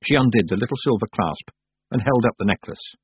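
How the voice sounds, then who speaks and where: A man reading a storybook aloud as narrator, with an expressive, dramatic delivery. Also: mid-range voice, fairly quick, husky, no room sound. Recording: dry, phone-like narrow sound.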